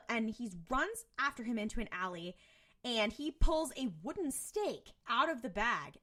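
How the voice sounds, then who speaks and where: Bright, lively young woman retelling a show. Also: mid-range voice. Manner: animated, retells scenes with quick voiced quotes. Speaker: podcast co-host. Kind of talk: casual chat recapping an episode.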